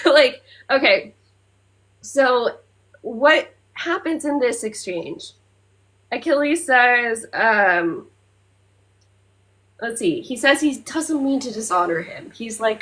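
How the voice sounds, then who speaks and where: A woman co-hosting a podcast in casual chat. She retells things in a lively, loose way, swears freely, and stops to hunt for her place. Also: fairly high pitch, poor audio. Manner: animated retelling, often swears, fillers, loses her place. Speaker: podcast co-host.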